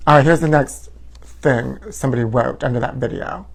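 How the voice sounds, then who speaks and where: A man's voice: fairly high pitch, a little fast, gravelly. A man hosting a comedy show, delivering a campy, sassy and theatrical tabloid gossip monologue.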